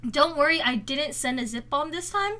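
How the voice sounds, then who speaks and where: A woman's voice: sits high, animated, normal speed, sharp tone. A woman livestreamer chatting casually with her viewers, teasing and giggly with a playfully sarcastic edge, speaking into a desk microphone at home. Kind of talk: casual chat with live viewers.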